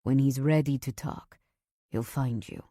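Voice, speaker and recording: Brief: woman playing a controlling mafia husband, low and firm, dry close read. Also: fairly even intonation, unhurried, dark tone, dry recording. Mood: commanding. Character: domineering mafia husband, calm, commanding man.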